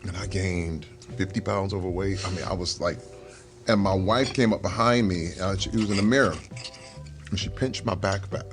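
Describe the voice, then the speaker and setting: Animated man telling stories. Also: deep voice, normal speed, faint music behind. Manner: animated storyteller who acts out quoted people. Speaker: guest. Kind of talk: casual interview storytelling.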